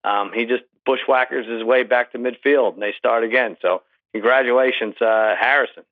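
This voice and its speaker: Deadpan man on a dull, muffled line. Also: mid-range voice, normal speed. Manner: deadpan storytelling, teasing. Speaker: regular podcast guest. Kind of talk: casual chat.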